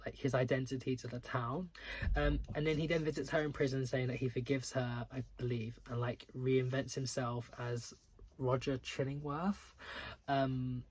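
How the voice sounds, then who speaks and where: A man's voice: medium pitch, flat delivery, normal speed, darkish tone, breathy edge. A young man reviewing books in a casual video, full of filler words and restarts, with exasperated, dramatic outbursts. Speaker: book reviewer.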